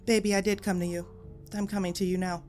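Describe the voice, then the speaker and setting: A woman's voice: medium pitch, level tone, fast talker, darkish tone, faint music behind, lightly acted. A woman playing an anxious suburban housewife who pleads with her husband and speaks with forced sweetness to her children. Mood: pleading.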